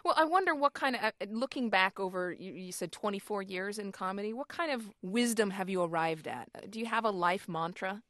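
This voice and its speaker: A woman's voice: mid-range voice, brisk, few pauses, a bit bright, no room sound. Curious female interviewer, dry studio sound. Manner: curious, probing questions. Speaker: interviewer, program host. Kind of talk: broadcast interview questions.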